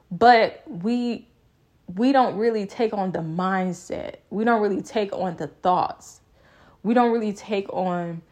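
Young adult woman, vlogger, faith talk to camera, emphatic and repetitive like a preacher, mid-pitched. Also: a little mellow. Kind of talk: faith reflection monologue.

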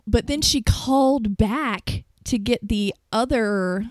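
A woman's voice: fairly high pitch, takes it slowly, no echo, clean studio sound. A young woman in casual chat, telling stories about her work as a store manager and acting out callers with a sugary, mocking voice. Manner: animated, mimics callers in a sugary voice.

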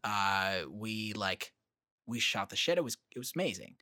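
A young man co-hosting a casual chat, telling animated stories with swearing and acted-out quotes. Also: lowish voice, moderate pace, dry recording, studio quality. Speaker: podcast co-host.

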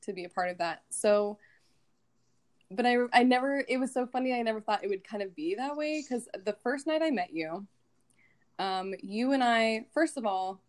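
Chatty woman podcast co-host. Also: mid-range voice. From Midwest of the US. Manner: chatty, laughs often, many fillers. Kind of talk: casual chat.

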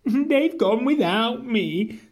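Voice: mid-range voice, animated, takes it slowly, pitched above the performer's own voice. A storyteller voicing a small, timid young tyrannosaurus boy who wails plaintively in a storybook read-aloud. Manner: plaintive, wailing.

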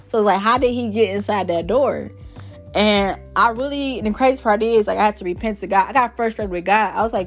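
A woman's voice: medium pitch, brisk, soft background music. A young woman talking candidly and at length in a personal podcast monologue, rambling with many fillers.

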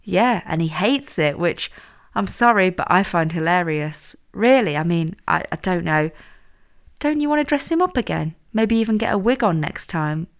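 A woman's voice: fairly low pitch, animated, normal speed. A woman voicing a confident, scheming young woman who pushes her friend around, in a read-aloud story. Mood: bossy. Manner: confident, pushy, teasing.

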